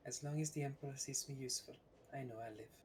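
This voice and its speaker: A man voicing a troubled young woman who sees herself as a monster, speaking in a halting, hesitant way. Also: mid-range voice, fairly even intonation, close to an everyday voice. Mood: uneasy. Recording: faint background noise.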